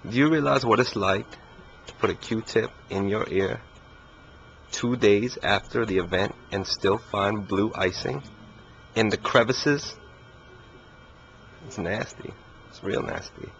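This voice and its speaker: A man's voice: lowish voice, takes it slowly, creaky, long pauses, fairly bright tone. A young man telling a story in a casual interview, laid-back and dryly humorous. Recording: muffled recording with faint hiss.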